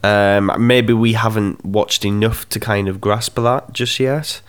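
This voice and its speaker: A man's voice: on the low side, fairly even intonation, takes it slowly, clear, resonant tone. A man, co-hosting a casual chat, who stammers and restarts a lot and mocks himself. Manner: stammering, self-mocking, sweary. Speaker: podcast co-host.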